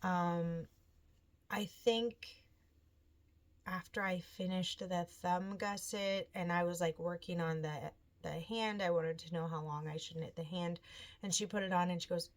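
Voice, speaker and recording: A woman in her thirties hosting a knitting video podcast, telling stories in a chatty, animated way and acting out the people she quotes. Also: lowish voice, unhurried. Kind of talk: casual chat.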